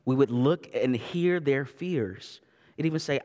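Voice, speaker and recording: A man's voice: medium pitch, measured pace, a little mellow, long reverb tail. A man in his thirties preaching a sermon as a pastor, in a conversational way with asides and repeated words. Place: church sanctuary.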